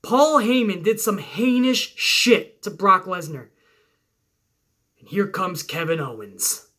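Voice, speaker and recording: Bright-voiced man doing profane play-by-play. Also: high-pitched, takes it slowly. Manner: excited, swearing storyteller narrating moves blow by blow. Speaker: wrestling show host. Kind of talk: profane fantasy-booking play-by-play.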